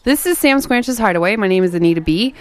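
A woman's voice: medium pitch, expressive, quick pace. A young woman hosting a campus radio show from the studio, chatting casually and rambling with plenty of fillers. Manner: chatty, rambling, self-deprecating, with many fillers. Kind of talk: casual on-air chat. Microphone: studio microphone.

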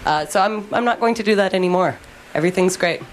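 A woman's voice: mid-range voice, quick pace, a little hiss or hum, rough recording. A woman in a band, chatting casually on the radio in a rambling, giggly, self-deprecating way. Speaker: band member guest.

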